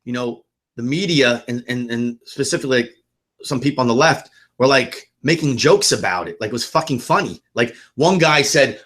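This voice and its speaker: A man's voice: medium pitch, fairly quick, fairly bright tone. A man co-hosting a political podcast, ranting bluntly and swearing often in casual talk. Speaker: podcast co-host.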